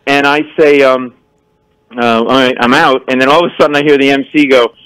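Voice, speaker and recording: A middle-aged man, a comedian guest, telling animated stories in a radio interview and acting out people in voices. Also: medium pitch, fairly quick, clear, resonant tone, no echo, rough recording. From New York area. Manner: acts out characters in voices, laughing often. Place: radio studio.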